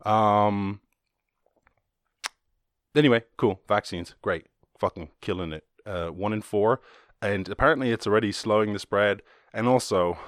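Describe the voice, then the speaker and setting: A man's voice: lowish voice, dry recording, studio quality. An Irish man hosting a podcast, rambling through casual solo commentary, jokey and full of swearing. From Ireland. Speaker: podcast host.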